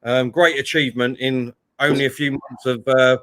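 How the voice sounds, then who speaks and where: A man's voice: medium pitch, fairly even intonation, moderate pace, a bit bright. A man co-hosting a live football watchalong, chatting casually and reading out viewer comments. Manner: reads out chat messages, pushes subscribers. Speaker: co-host of a live match watchalong.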